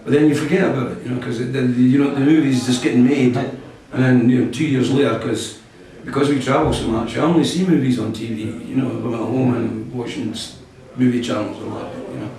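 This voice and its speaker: A man's voice: medium pitch, steady tone, fast, hardly any pauses, a little mellow. A man from Scotland with a Scottish accent, a rock musician in an interview who drops dry joking asides. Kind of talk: casual interview chat. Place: old cinema venue. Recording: echoey room from a distant mic, crowd behind.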